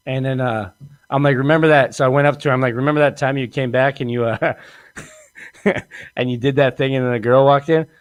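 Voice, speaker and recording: A man's voice: mid-range voice, steady tone, moderate pace, long pauses, no echo. A man hosting a podcast, telling a crude comic story in a rambling way and laughing often. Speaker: podcast host.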